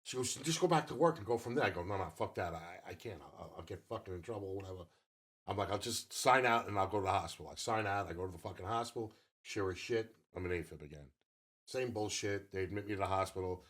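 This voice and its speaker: A man's voice: sits low, fast, fairly bright tone. A man in his fifties co-hosting a podcast, telling a long story in casual chat and swearing freely. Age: 50s. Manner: profane, rambling storyteller. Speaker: podcast co-host.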